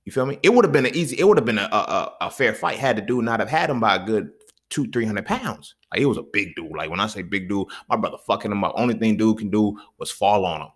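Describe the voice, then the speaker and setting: A young adult podcast host tells a story in casual slang, talking fast and swinging between low mutters and loud, excited bursts.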